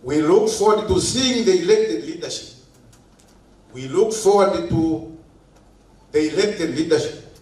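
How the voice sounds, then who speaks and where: A man giving a formal opening speech at a meeting, slow and emphatic, repeating his key phrases. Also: medium pitch, darkish tone. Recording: echoey hall, heard from a distance.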